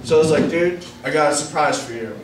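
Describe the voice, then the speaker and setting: A man performs a profane stand-up set in a club bar, his voice a touch higher than most men's. He tells crude stories and acts out the lines of the people in them. The sound is echoey and picked up from a distance, with club noise clearly heard behind him. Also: fast talker. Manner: profane storytelling, acting out quoted lines. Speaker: stand-up comedian.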